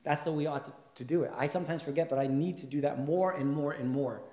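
A male pastor preaching a sermon in a conversational way. He asks his listeners questions and builds to loud, emphatic passages. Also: on the high side, fairly even intonation, fast talker. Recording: echoey room.

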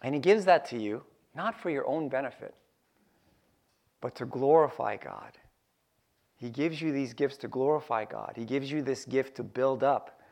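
A man preaching a sermon to his congregation, lively and jokey, repeating key phrases for emphasis. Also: medium pitch. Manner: animated, joking asides, repeats key phrases. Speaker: pastor.

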